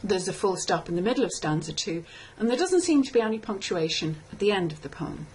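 A woman lecturer giving a scripted tutorial, explaining step by step in a measured way and reading lines of verse slowly. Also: mid-range voice, sing-song, a little mellow, slight background noise, rough recording. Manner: measured, explanatory, reads poem aloud slowly. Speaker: literature lecturer.

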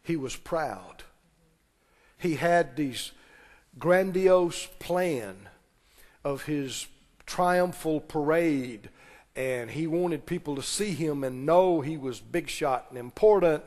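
A man preaching. His voice sits high for a man. The long reverb of a large church hall carries every phrase as he calls for answers from the pews. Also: animated, darkish tone. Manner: preaching with call-and-response, quick asides and laughs. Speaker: pastor. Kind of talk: sermon. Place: church sanctuary.

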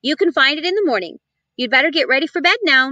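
A busy storybook mother, brisk and only half listening, as a woman puts her on. Her voice is bright and lively. The sound is dry. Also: sits high, dry recording, highs cut off, voice pushed up. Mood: dismissive. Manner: brisk, dismissive. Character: busy mother, brisk and not much interested.

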